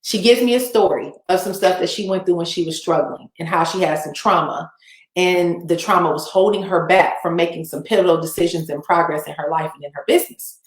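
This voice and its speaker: A woman business coach telling a motivational story in an energetic, emphatic way, repeating her key phrases. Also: on the low side. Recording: echoey room.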